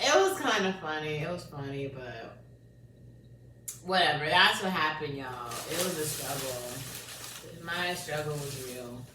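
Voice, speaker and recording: A woman telling a story in a casual, profane rant, jumping between loud laughing bursts and low muttering. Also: a little slow, background noise. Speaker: vlogger. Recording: echoey room, distant from mic.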